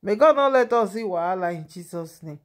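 A woman's voice: mid-range voice, brisk. Chatty woman with a Nigerian Pidgin accent. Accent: Nigerian Pidgin English. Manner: chatty, animated, laughs at the gossip. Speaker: vlogger. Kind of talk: casual gossip vlog.

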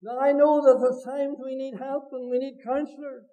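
A Northern Irish man preaching a passionate sermon from the pulpit. His voice sits very high yet sounds dark and mellow. He swings between ringing cries and hushed, low asides. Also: little pitch movement, normal speed, dull audio. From Northern Ireland. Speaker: pastor. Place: church meeting hall.

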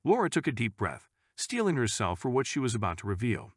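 A man reading a scripted story in a measured, even storytelling manner. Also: mid-range voice, slightly rough, no room sound, clean studio sound. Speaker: narrator.

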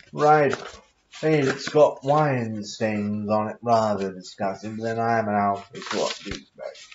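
A man's voice: lowish voice, fairly even intonation, a little slow, slight background noise. Man in a put-on posh accent. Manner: reads scripture aloud in between rambling comments and humming. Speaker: vlogger. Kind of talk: rambling solo monologue. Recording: dull lo-fi recording.

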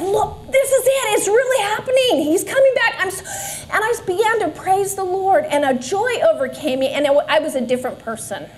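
Woman in her 40s, high voice, earnest church testimony, bit of hiss behind. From Southern California. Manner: earnest storytelling with self-deprecating asides. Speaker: Sunday school speaker. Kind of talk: personal testimony. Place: church classroom.

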